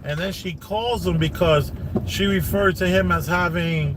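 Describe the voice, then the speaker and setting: A man commenting on a vlog in a casual, animated way, voice climbing when he gets incredulous. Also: sits high, a little slow, background noise. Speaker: vlogger.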